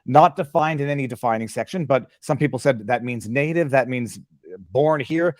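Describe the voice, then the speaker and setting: A man's voice: mid-range voice, moderate pace, no room sound, clean studio sound. A middle-aged man hosting an interview, hesitant and stammering when he is cut off. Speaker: interview host. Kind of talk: conversational interview.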